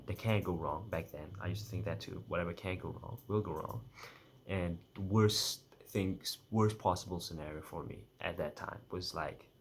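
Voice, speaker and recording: A young man in a casual personal monologue, rambling and correcting himself as he half-jokes through his thoughts. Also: sits low. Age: young adult. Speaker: vlogger.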